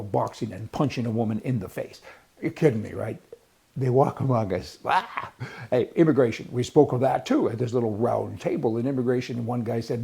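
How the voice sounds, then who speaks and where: An older man talks through his opinions in a loose, folksy ramble. His voice is very husky and gravelly, with a dark, mellow tone. He sounds opinionated and unhurried, like a regular host holding forth. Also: mid-range voice. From Canada. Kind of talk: rambling political commentary.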